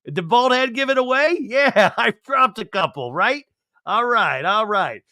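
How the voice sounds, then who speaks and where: A man's voice: high voice, expressive, a little slow, pushed and bright, no echo, clean studio sound, voice pushed up, full character voice. A man imitating a swaggering New Jersey husband who fishes for compliments. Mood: boastful. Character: cocky middle-aged Jersey husband showing off.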